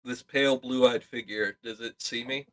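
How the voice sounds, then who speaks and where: A man playing a tabletop game, stating his character's moves quickly and matter-of-factly. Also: medium pitch, fairly even intonation, fairly bright tone. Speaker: player. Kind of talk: casual tabletop play.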